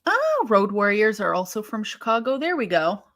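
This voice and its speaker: A woman's voice: medium pitch, wildly swooping pitch, normal speed, fairly bright tone. A woman co-hosting a wrestling live stream, chatting casually and thinking aloud with sighs and restarts as she reacts to viewer comments.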